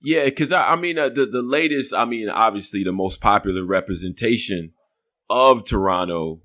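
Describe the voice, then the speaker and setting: Rambling New York interviewer. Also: male voice, lowish voice, normal speed, pushed and bright. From West New York. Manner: rambling, restarts often, "you know what I'm saying". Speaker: interview host. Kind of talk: casual interview questions.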